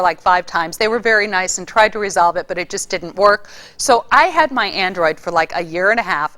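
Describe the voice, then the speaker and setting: Woman, speaking coach, lively, playful emphasis, mid-pitched voice. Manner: lively, demonstrates vocal delivery with varied emphasis. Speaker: public speaking instructor. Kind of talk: casual spoken lesson.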